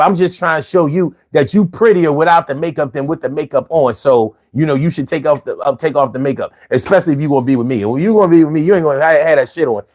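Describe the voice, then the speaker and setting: In a casual vlog monologue, a man recounts a personal story, animated, slangy and profane, often poking fun at himself. His voice is a little high.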